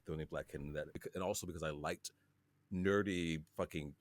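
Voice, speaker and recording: A man's voice: very deep voice, fairly even intonation, a little fast, no echo. A young man from Wisconsin, co-hosting a podcast in candid, reflective casual chat, swearing freely. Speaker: podcast co-host.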